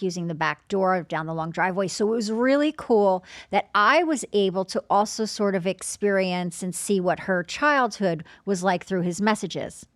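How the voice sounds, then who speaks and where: A woman working as a medium, chatting and telling stories in a podcast, animated and acting out her own inner dialogue. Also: mid-range voice, no room sound, clean studio sound. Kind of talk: casual storytelling chat.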